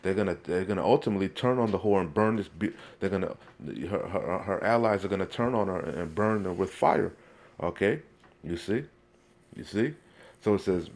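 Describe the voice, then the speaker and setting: A man's voice: on the low side, normal speed, darkish tone. A man preaching, reading Bible verses aloud and then commenting on them in a heated, denouncing way, again and again asking "you see?". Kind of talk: street-style scripture preaching.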